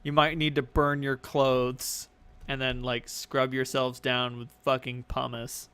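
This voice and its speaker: A man's voice: mid-range voice, level tone, measured pace, bright, forceful tone, clear, resonant tone. A young man narrating a tabletop game as game master, in a casual, rambling way with many fillers.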